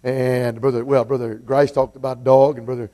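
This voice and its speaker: A man's voice: mid-range voice, level tone, moderate pace. A man from Georgia, a guest preacher telling folksy stories from the pulpit. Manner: folksy storyteller, warm asides to the congregation. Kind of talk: sermon with humorous story.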